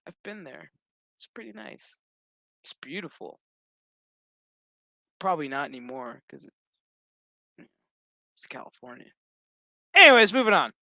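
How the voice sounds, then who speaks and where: A man's voice: sits high, very animated, a little slow, vocal fry, long pauses, sharp tone, dry recording. A man giving a casual, profane, rambling episode recap with sarcastic asides. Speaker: show recap host.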